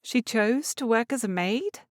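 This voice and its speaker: A woman reading as an earnest, gentle young Regency lady who pleads her case, her voice raised high above the narration and moving lightly up and down. The sound is dry and close. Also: expressive, measured pace, no room sound. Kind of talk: audiobook character reading.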